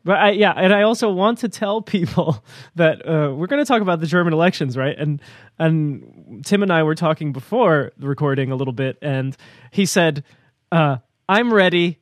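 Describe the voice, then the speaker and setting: A man's voice: fairly high pitch, expressive, normal speed, no room sound, clean studio sound. A man co-hosting a casual news podcast, playful and laughing often as he talks. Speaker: podcast co-host.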